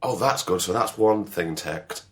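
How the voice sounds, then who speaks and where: Low-voiced man hosting a podcast. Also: measured pace, a bit bright. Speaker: podcast host. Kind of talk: casual interview chat.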